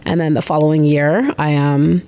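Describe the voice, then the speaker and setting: A woman in her thirties, a podcast guest, telling animated stories in casual chat and acting out the voices of people she quotes. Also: deep voice, normal speed, clean tone.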